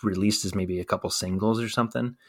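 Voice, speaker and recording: Low-voiced man in rambling casual chat. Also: fast. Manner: relaxed, rambling, many fillers. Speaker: podcast co-host.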